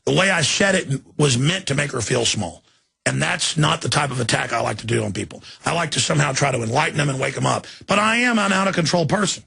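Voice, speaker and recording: Gravelly ranting man, high and raspy. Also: lively intonation, fast talker. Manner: ranting, swings to shouting, repeats himself. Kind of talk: angry political rant.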